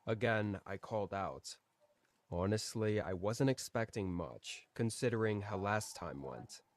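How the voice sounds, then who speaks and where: A man calmly reading out a scripted first-person horror story. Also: lowish voice, a little slow, no echo.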